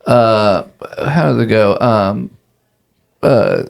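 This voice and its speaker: A man's voice: fairly low pitch, drawn-out words, vocal fry. A young man co-hosting a casual podcast chat, joking and swearing, laughing often. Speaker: podcast co-host.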